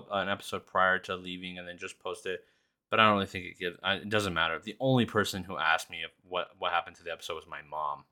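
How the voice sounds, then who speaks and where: A man's voice: fairly low pitch, pushed and bright. A man, hosting a solo podcast and telling rambling, profane stories in a casual chat. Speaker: podcast host.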